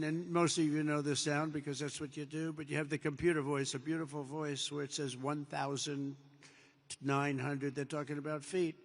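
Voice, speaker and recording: Addressing troops at a large air base, an older US president rambles off the cuff through a story thick with superlatives, which he repeats, while acting out dialogue. His voice is on the high side, and the big hall gives a long reverb.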